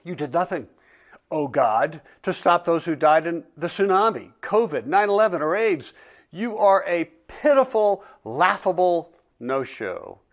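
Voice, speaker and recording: Bitter, mocking accuser, read by a man, lively and high-pitched, sarcastic. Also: measured pace. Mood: accusing. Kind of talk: dramatic reading of a dialogue.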